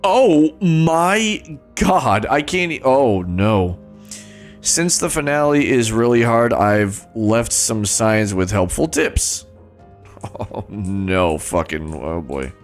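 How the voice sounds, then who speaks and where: A man streaming a game live, joking at himself and swearing, with sudden excited yelps. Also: fairly low pitch, takes it slowly, soft background music. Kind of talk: live gameplay commentary.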